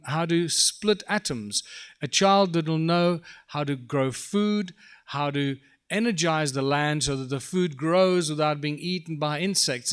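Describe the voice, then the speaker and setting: A man presenting a workshop to a live audience, speaking emphatically and asking rhetorical questions. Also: fairly high pitch.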